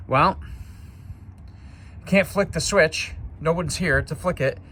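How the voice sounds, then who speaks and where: A man's voice: fairly high pitch, slow pace, bright, forceful tone, a little hiss or hum. A man chatting casually as he fixes an RV outdoors, rambling and often correcting himself. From United States. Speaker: RV repair vlogger. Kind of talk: casual how-to vlog.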